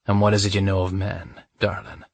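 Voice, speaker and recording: A man playing a brooding, passionate male lover in a romance audiobook, speaking low and intimate. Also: monotone, fairly quick, no echo. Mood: low, tender. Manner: low, intimate, sometimes gruff.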